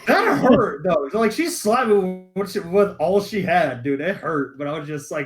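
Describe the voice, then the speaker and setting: Young man, high voice, profane storytelling, casual podcast chat. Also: a little slow, hardly any pauses, faint music behind. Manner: animated, profane, acts out quoted voices. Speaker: podcast co-host.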